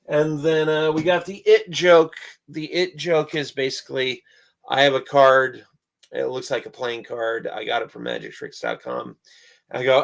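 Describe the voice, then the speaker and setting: Halting gravelly-voiced man explaining his act. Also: medium pitch. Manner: halting, many fillers and restarts. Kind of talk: rambling casual explanation.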